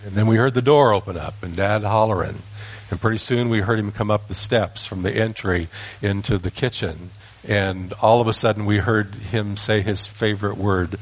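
Low-voiced older storytelling grandfather. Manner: folksy, unhurried, with small restarts. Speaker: grandfather telling a family story. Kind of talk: personal storytelling.

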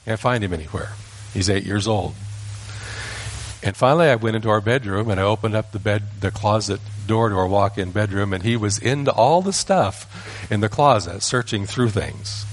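An older man with a lowish voice tells a family story from his boyhood. He speaks in a folksy, unhurried way and sometimes pauses to correct himself mid-sentence. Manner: folksy, unhurried, with small restarts. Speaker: grandfather telling a family story. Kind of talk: personal storytelling.

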